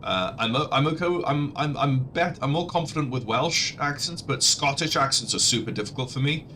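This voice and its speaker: A man's voice: medium pitch, animated, fairly quick, bright, forceful tone, slight background noise. A man casually commentating his flight-sim livestream, chatty and rambling, often restarting his sentences. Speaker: livestreamer and audiobook narrator.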